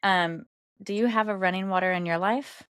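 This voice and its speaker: A woman's voice: moderate pace, a bit bright, smooth, no echo. A woman co-hosting a podcast in casual chat, playful and acting out little quotes. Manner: playful, acts out quotes in a higher voice. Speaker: podcast co-host.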